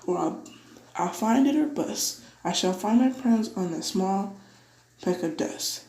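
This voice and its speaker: A woman's voice: medium pitch, expressive, measured pace, dark tone, echoey room. A woman voicing a kind, earnest male elephant in a storybook reading. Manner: earnest, pleading.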